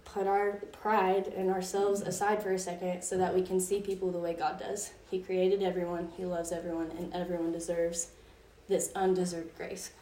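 A woman's voice: lowish voice, level tone, moderate pace, few pauses, mellow. A young woman gives a casual Bible lesson to a group, talking in a loose, chatty way and leaning on "like" as she retells the story. She sounds a bit far from the mic, in a roomy space with a faint hum of room ambience behind her. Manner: chatty, filler-heavy storytelling with frequent "like". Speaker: youth Bible study leader. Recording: roomy echo from a distance.

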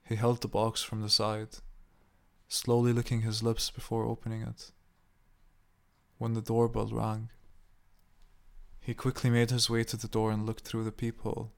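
A man reading a horror story aloud. His low, gravelly voice stays flat and measured throughout. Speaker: narrator.

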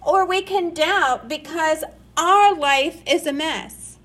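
A woman's voice: high-pitched, slow, fairly bright tone, low-quality recording. A woman preaching a sermon, earnest and rising into emphatic questions.

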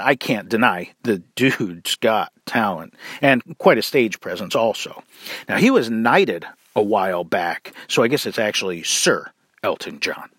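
A man hosting a casual Bible teaching podcast, chatty and jokey in his asides, then reading scripture aloud at a steady pace. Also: medium pitch, no room sound, clean studio sound. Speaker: podcast host.

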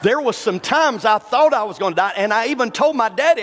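High-voiced preacher in a reverberant hall. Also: male voice, animated, a bit bright. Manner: folksy, conversational preaching, reads scripture slowly. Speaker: pastor. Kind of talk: sermon.

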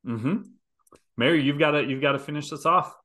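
A man co-hosting a casual chat podcast, teasing and quick to react. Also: fairly high pitch, pushed and bright. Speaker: podcast co-host.

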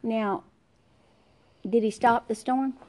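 A woman's voice: fairly high pitch, fairly even intonation, takes it slowly, darkish tone. A middle-aged woman teaching an informal Bible study, talking conversationally, searching aloud for verses and reading scripture aloud.

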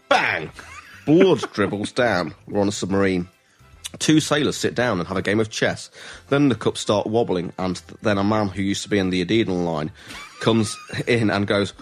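Giggly man reading with lively swings. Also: medium pitch, measured pace. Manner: giggling, animated storytelling with put-on voices. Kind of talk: reading listener submissions aloud.

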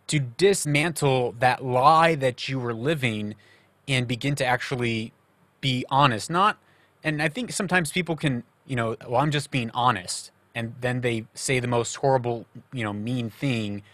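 A man's voice: mid-range voice, normal speed, fairly bright tone, no echo. Male host, thoughtful questions, searches for words, dry close sound. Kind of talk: interview conversation.

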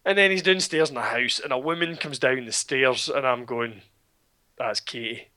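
Scottish male podcaster with a crisp, bright voice; wry, profane storyteller. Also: medium pitch, normal speed. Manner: sardonic, swearing, animated storytelling. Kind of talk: casual film recap chat.

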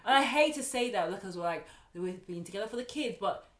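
A woman's voice: mid-range voice, animated, fast talker, echoey room. A woman co-hosting a podcast in easygoing casual chat, often agreeing and thinking aloud. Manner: easygoing, many fillers and agreeing yeahs. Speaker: podcast co-host.

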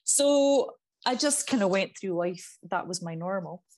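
A woman's voice: medium pitch, lively intonation, unhurried, a little mellow. Bubbly woman in her forties. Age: 40s. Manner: bubbly, self-deprecating, laughs easily. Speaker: podcast guest. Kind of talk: casual interview chat.

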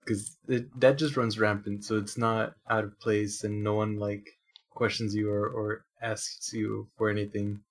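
A man in casual podcast chat, offering measured, thoughtful remarks. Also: fairly low pitch, flat delivery.

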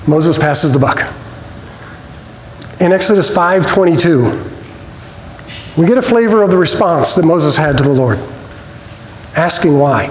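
Guy teaching a bible study, slightly high voice, loose and chatty, echoey church hall. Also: unhurried, long pauses. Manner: conversational, with small restarts and asides; reads scripture quotes with expressive emphasis. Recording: roomy hall reverb, faint noise.

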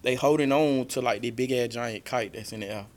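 A man's voice: medium pitch, brisk. A man co-hosting a podcast, telling a long story in loose slang with lots of "you feel me". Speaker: podcast co-host. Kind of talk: casual podcast chat.

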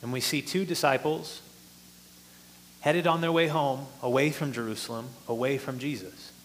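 A man's voice: mid-range voice, steady tone, moderate pace, a little hiss or hum. A man preaching a sermon, explaining a passage earnestly and rising in force for emphasis.

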